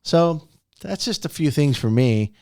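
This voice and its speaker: Speaking a little slowly on a studio-quality track with no room sound, a man hosts a motivational podcast. He tells stories with animation, laughing often and sweeping his pitch up and down to stress points.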